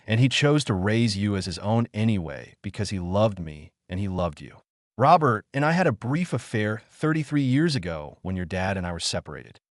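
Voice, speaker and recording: A man voicing a loving mother reading her apologetic farewell letter, in a dry, lowish voice. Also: no room sound.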